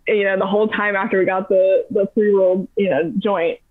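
Podcast guest: chatty young woman, animated storyteller, thin phone-like sound. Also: mid-range voice, brisk. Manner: chatty, animated retelling with lots of "like". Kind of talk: casual storytelling. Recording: tinny phone-like line.

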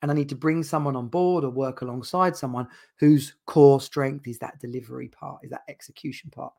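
Casting: gravelly-voiced male podcast host, casual, loose delivery that trips and restarts. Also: medium pitch, fairly even intonation, fairly quick, warm tone. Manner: rambling with frequent restarts and repeated words. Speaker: podcast host and dads' coach. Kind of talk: casual solo podcast talk.

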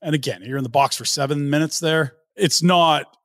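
A man's voice: on the high side, normal speed, fairly bright tone, no room sound, clean studio sound. A man hosting a casual sports podcast, laying out stats and context in an analytical way. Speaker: podcast host.

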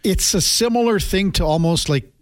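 A man's voice: high-pitched, moderate pace, dry recording. A middle-aged man hosts a sports talk radio show in a dry, close studio sound. He talks casually and drifts into long anecdotes. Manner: rambling storyteller, animated when telling anecdotes. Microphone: studio microphone.

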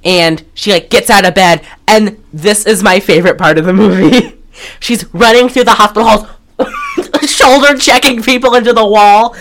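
A woman co-hosting a podcast, recapping a movie in casual chat, animated and profane, with lots of fillers and laughter. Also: mid-range voice, moderate pace, slight background noise. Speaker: podcast co-host.

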